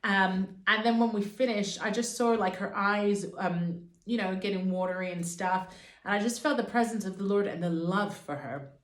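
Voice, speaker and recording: A woman tells a personal faith story straight to her viewers. Her delivery is earnest and fervent, and her pitch sits in an ordinary middle range. The recording has a noticeable roomy echo. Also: normal speed. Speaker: Christian vlogger. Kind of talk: personal testimony to camera.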